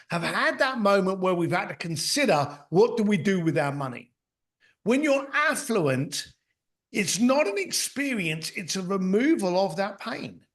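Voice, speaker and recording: A middle-aged man who is an author and mentor guests on a podcast, conversationally telling blunt, down-to-earth anecdotes and acting out the people in them. His voice sits high for a man and swoops up and down with lively expression.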